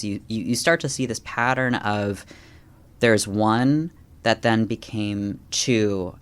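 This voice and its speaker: A man's voice: lowish voice, clean tone. A man on a podcast as a guest, telling a personal spiritual story in a conversational way and acting out quoted lines with a lifted voice. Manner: animated, acts out quoted lines in a raised voice; many fillers and restarts.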